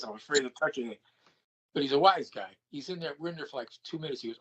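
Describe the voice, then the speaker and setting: A man's voice: mid-range voice, fast talker, slightly rough, poor audio. An older man, a guest, telling a personal anecdote and acting out the dialogue he quotes. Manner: animated storyteller who acts out quoted dialogue.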